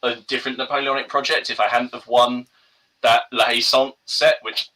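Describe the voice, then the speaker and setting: A man's voice: mid-range voice, flat delivery, normal speed, sharp tone, rough recording. A man, co-hosting a casual podcast chat, hesitant with many ums and restarts. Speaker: podcast co-host.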